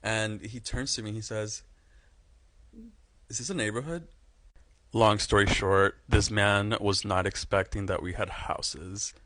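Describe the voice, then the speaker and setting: A man's voice: lowish voice, flat delivery, a little slow, few pauses, fairly bright tone. A man telling a story to camera in a dry, matter-of-fact way. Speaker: storyteller in a short clip.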